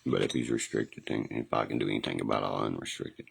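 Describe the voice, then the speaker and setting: A man's voice: a bass voice, steady tone, fast talker, vocal fry, husky, low-quality recording. A middle-aged man talking on a home livestream into a phone, rambling and profane, forever asking whether you know what he means. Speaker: livestream host.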